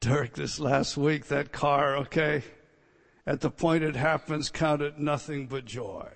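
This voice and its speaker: A man preaching a sermon as pastor, emphatic and repetitive, swinging between loud declarations and hushed asides. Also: a little high, steady tone, unhurried, creaky, big-room sound.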